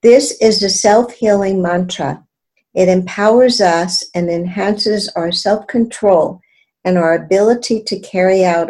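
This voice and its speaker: A woman meditation teacher giving calm, measured guided instruction and chanting mantras softly during a video interview. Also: fairly low pitch.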